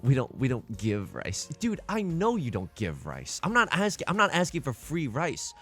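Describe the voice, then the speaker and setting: Excitable young man telling a story. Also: mid-range voice. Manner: animated, excitable, quick to laugh and exclaim. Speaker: gaming video creator. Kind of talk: casual storytelling while playing a game.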